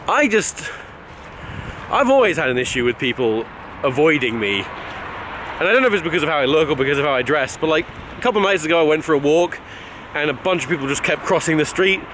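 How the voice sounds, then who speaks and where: A man's voice: fairly high pitch, noisy background. A man talks straight to camera in a loose vlog style, rambling through his week. He starts sentences over and over as he goes. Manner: chatty, rambling with frequent restarts. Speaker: vlogger. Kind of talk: casual vlog.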